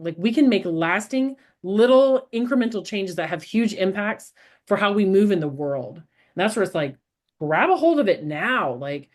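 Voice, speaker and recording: A woman co-hosting a podcast, talking in a casual, earnest and reflective way, often laughing at herself. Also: medium pitch. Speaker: podcast co-host. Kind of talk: casual spiritual conversation.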